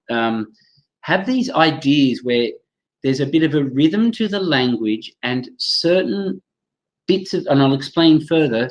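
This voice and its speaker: Reacting to comments as he goes, a man hosts a live online training session for teachers on a computer mic, chatty and often restarting sentences. His voice is mid-range and the recording is rough.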